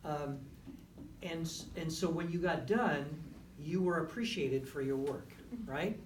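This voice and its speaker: Speaking at a measured pace in a voice on the high side, a music clinician coaches a brass ensemble in a rehearsal room. He encourages them and follows almost every point with "right?" or "okay?" It's recorded from a distance, roomy, with faint background noise.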